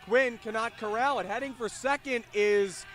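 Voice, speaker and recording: A young man calling a high school baseball game play-by-play, lively on the big plays and chatty between pitches, outdoors at the field. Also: moderate pace. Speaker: play-by-play announcer.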